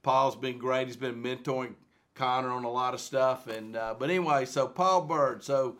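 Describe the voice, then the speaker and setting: A man's voice: mid-range voice, steady tone, normal speed, fairly bright tone. A man hosting a podcast, introducing his guest in a loose, rambling way. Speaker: podcast host.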